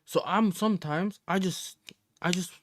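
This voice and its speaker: A man's voice: sits high, measured pace, fairly bright tone, slight background noise. A young man from the Netherlands, chatting casually and rambling in slang as a football live-streamer.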